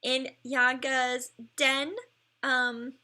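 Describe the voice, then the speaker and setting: Woman, live streamer, high voice, chatty, effusive praise, laughs a lot. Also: completely flat delivery, extremely slow, bright, forceful tone. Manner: laughs often between remarks. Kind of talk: casual live-stream commentary.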